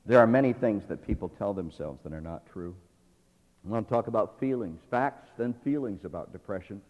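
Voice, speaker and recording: A male pastor preaching a sermon, swinging between hushed and loud, dramatic delivery. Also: fairly low pitch, expressive, brisk, long reverb tail, muffled recording.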